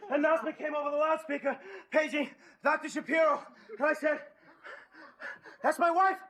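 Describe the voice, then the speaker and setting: Panicky young New husband, very high bright voice, jittery, sitcom. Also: male voice, steady tone, normal speed. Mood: frantic. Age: young adult. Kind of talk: sitcom acting.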